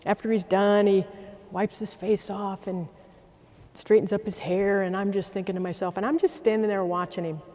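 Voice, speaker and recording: High-voiced commander in a reverberant hall. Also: male voice, normal speed. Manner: animated anecdote, building to emphatic repeated rallying lines. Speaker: military commander giving a closing address. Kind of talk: speech with storytelling.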